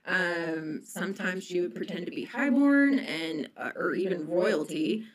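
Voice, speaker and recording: A woman's voice: on the low side, lively intonation, a little slow, rough recording. Chatty young woman telling a story. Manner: chatty storytelling, many ums and likes. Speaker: podcast co-host telling a history story. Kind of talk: casual podcast chat.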